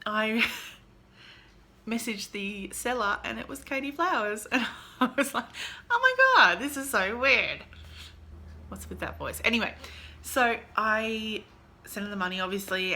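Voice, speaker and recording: Bright-voiced, gushing woman. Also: medium pitch, a little slow, slight background noise. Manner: gushing, excitable, chatty with many fillers. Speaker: vlogger showing a tarot deck haul. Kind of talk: casual chat.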